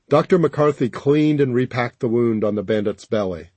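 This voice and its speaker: A man narrating a first-person audiobook in a steady, even storytelling manner. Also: mid-range voice, normal speed, hardly any pauses, slightly rough, no echo.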